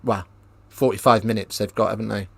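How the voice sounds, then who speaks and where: A man hosting a live rugby watchalong, chatting casually with viewers and breaking into excited play-by-play. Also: lowish voice, a little fast, creaky, breathy edge, no echo. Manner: casual, banters with live chat, lifts into excited play-by-play on tries. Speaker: watchalong host. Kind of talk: live watchalong commentary and chat.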